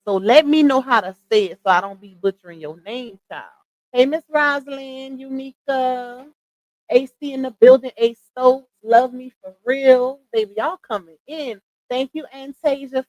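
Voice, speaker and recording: A woman's voice: sits high, measured pace, dry recording, poor audio. A woman hosting a casual livestream, greeting her viewers by name and thanking them in a way of speaking. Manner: chatty, warm shout-outs with laughs. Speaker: livestream host.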